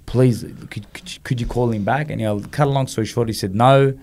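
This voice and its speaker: A man's voice: mid-range voice, brisk. An Australian man as an interview guest, telling stories casually and acting out the dialogue, with many "you know"s. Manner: animated, acts out quoted dialogue, frequent "you know". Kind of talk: casual storytelling in conversation.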